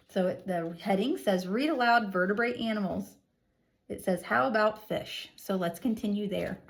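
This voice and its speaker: Reading a lesson to young children, a female teacher at a medium pitch uses a sing-song, expressive delivery, exaggerating her emphasis.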